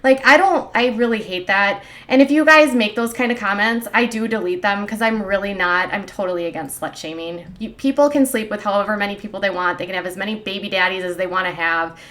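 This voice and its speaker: A woman's voice: mid-range voice, fairly quick, hardly any pauses, a bit bright. A woman hosting a casual livestream who talks in a sarcastic, opinionated way. She rambles through her points with plenty of "um" and "like.". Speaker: gossip commentary streamer.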